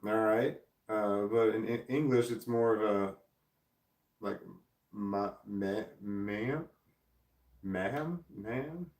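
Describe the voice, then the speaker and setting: An American man hosting a casual livestream, reading viewer comments aloud and rambling, thinking out loud and trailing off. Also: on the low side, steady tone, slow, pauses often, roomy sound, far from the mic. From United States. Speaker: livestream host.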